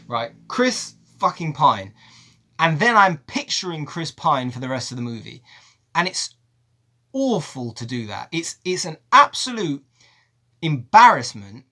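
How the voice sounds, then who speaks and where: A man's voice: a little high, moderate pace. A man giving an exasperated, profane film review rant. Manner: animated, profane, exasperated ranting. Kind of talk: ranting video review.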